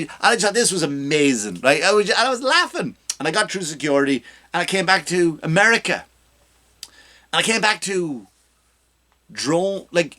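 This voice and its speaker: A man's voice: a little high, bright, forceful tone. A male comedian hosting his own podcast, delivering a ranting, self-mocking comedic monologue.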